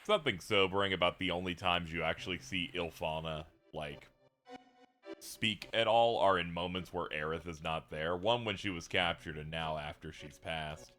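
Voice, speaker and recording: A man's voice: sits low, moderate pace, fairly bright tone, faint music behind. A man giving casual, reflective commentary while playing a game. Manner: reflective, chatty. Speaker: let's play host.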